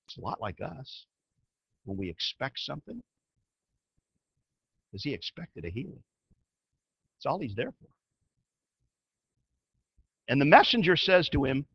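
Animated high-voiced preacher man. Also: unhurried, pauses often, slightly rough, dry recording, muffled recording. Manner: animated storytelling, swings from loud to hushed. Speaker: pastor. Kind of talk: sermon.

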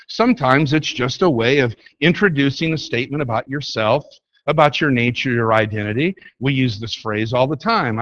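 A man's voice: mid-range voice, a bit bright, dry recording, dull audio. A man teaching a Bible study lesson, explaining in an emphatic way and repeating key words to drive points home. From United States.

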